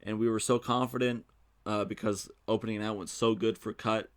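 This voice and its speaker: A young man hosting a solo podcast, telling stories in a casual, animated way with some swearing. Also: fairly low pitch, moderate pace. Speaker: podcast host. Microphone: studio mic.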